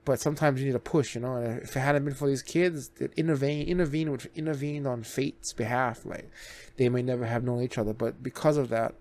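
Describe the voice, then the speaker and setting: A man's voice: medium pitch, fairly even intonation, a little fast, a little mellow. A man hosting a reaction video, recapping a series in a loose, rambling way with restarts and casual swearing.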